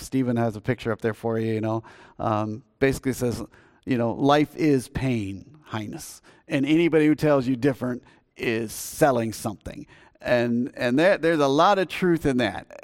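A middle-aged man preaching a homey sermon to his congregation. His voice sits at a middle pitch, and he talks in a folksy, meandering way, often stumbling and restarting his words. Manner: folksy, halting with many restarts and fillers. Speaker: pastor.

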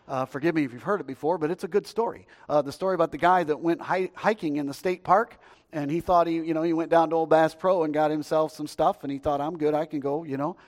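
A man preaching a sermon, telling stories in a lively, conversational way with jokes aimed at the congregation. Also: a little high, fast talker, big-room sound. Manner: storytelling, lively and conversational, joking aside to the congregation. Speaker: pastor.

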